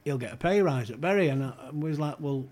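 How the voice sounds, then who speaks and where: A man spins a lively yarn in a slightly high, husky voice, laughing as he goes. He acts out every character in the story with relish, in a loose, chatty podcast manner. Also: fast. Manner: animated storyteller, laughs often, acts out quotes. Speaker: podcast guest. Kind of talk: casual anecdote telling.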